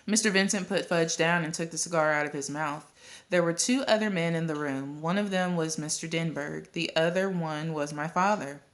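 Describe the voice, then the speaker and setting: A woman reading a children's novel aloud at a steady pace, with occasional coughs and restarts. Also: low voice, moderate pace. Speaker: audiobook reader.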